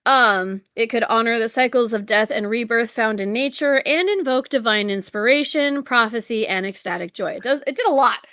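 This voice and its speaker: A woman's voice: on the high side, moderate pace, hardly any pauses, bright, forceful tone, no room sound, studio quality. A woman co-hosting a podcast, chatting casually and reading from notes, giggling often, stuttering and swearing freely. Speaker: podcast co-host.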